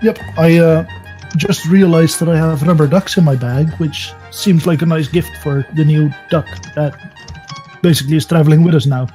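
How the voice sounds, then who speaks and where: Mellow-voiced hesitant man player. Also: a little high, soft background music. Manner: hesitant, halting. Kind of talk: casual tabletop play.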